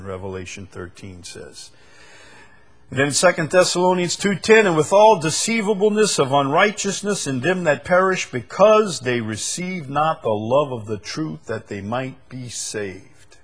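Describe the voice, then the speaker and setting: A man preaching a sermon who swings from loud, emphatic declarations down to low, quiet scripture reading.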